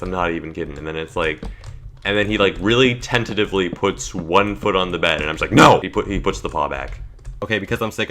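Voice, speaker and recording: A man telling a casual, deadpan story to his stream, with lots of "like" and dry jokes. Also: low-pitched, a little hiss or hum. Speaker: gaming streamer.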